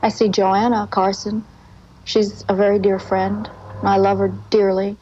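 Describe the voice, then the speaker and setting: Woman interviewee, earnest and halting, dull lo-fi 1980s TV sound. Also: mid-range voice, flat delivery, dark tone, a little hiss or hum. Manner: halting, earnest, with frequent restarts. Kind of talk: emotional recollection in a TV interview.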